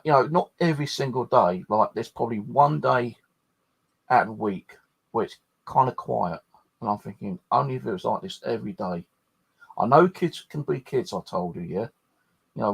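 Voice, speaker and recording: A man's voice: medium pitch, creaky, slightly rough. A man hosting a paranormal channel, chatting casually and rambling, swearing freely as he talks. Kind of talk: casual late-night chat.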